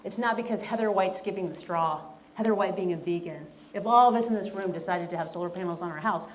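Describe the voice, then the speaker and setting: A woman from the American South speaks to a live room, mixing plain talk with readings from her own book. Her pitch sits in the middle range, and she leans into key phrases with earnest emphasis. Faint room ambience hangs behind her voice. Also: slight background noise. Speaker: author and speaker. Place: event room before an audience.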